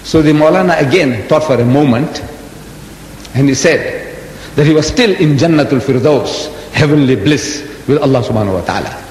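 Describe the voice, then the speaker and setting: A man's voice: moderate pace, a little mellow. A man in his seventies giving a religious lecture to an audience, telling a story dramatically with rhetorical questions. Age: 70s. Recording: echoey hall with faint rumble.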